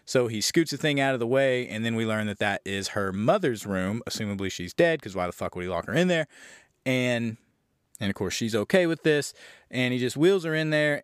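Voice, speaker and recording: A man's voice: medium pitch, clear, resonant tone, no echo, clean studio sound. A man recapping a horror film for his podcast, rambling and swearing as he tells the story. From Southern Louisiana. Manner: rambling, profane, animated storytelling. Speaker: podcast host reviewing a film. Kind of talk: casual spoken movie recap.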